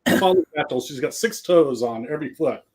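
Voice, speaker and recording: A man's voice: fairly high pitch, animated, fairly quick, crowd noise, rough recording. A man guest on a livestream, talking laid-back with dry humor from his game room at home. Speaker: guest, tournament organizer. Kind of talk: casual livestream chat.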